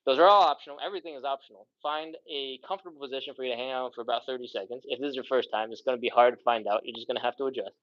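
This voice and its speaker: A man's voice: medium pitch, rapid-fire, hardly any pauses, muffled recording. A man leading a live follow-along stretching workout, counting down holds and sighing between counts while he stretches and catches his breath. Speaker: stretching instructor.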